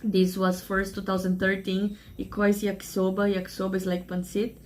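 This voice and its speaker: A woman's voice: mid-range voice, completely flat delivery, moderate pace, slight background noise. Emotional Brazilian woman vlogging in English. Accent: Brazilian Portuguese. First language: Portuguese. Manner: earnest, emotional, rambling non-native English. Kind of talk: casual vlog chat to camera.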